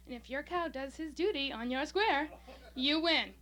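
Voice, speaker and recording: A high-voiced young woman doing stand-up on a small club stage. She sounds bubbly and giddy, rushing through her jokes with breathless excitement. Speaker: stand-up comic. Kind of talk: stand-up comedy set. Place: small comedy club stage, audience laughing.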